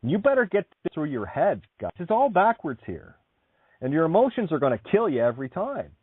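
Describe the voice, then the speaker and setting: A man's voice: a little high, very animated, brisk, slightly rough, dry recording. A man hosting an internet radio show, talking bluntly with swearing, laughing and restarting as he goes. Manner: blunt, profane, emphatic. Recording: tinny phone-like sound, dry.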